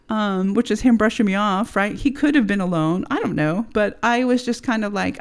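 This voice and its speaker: This woman in her thirties from the US is a podcast guest sharing a personal story in a casual, profane way, with lots of fillers and a rhetorical "right?". Her voice is a little high, and she talks briskly with hardly any pauses.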